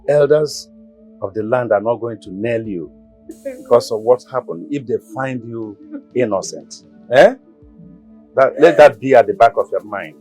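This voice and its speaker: An actor playing a middle-aged chief who soothes a crying queen in measured, formal words. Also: medium pitch, darkish tone, natural voice, poor audio. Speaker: palace chief. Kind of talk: Nollywood film acting.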